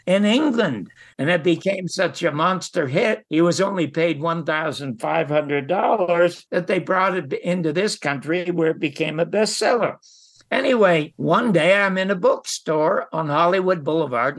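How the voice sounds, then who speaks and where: An older man, a guest in an interview, telling anecdotes in a casual, animated way with emphatic asides. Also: sits high. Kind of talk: casual storytelling.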